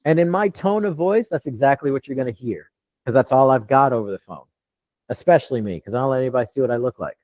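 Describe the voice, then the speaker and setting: A man's voice: mid-range voice, expressive, fast, darkish tone, dry recording. Blunt, swaggering man coaching live. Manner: blunt and profane, brash confidence. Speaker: real estate wholesaling coach. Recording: dull lo-fi dry sound.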